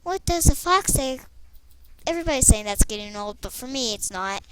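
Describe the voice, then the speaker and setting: A young girl chatting to herself as she plays an online game, excitable and rambling. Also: sits high, normal speed, smooth, no echo. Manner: chatty, excitable, talks to herself while playing. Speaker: gameplay vlogger. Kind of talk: casual commentary over online game play.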